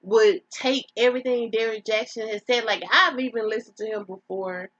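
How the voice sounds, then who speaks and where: Woman, podcast co-host, casual storytelling, animated, slightly high voice, muffled sound. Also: normal speed, dry recording. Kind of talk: casual chat.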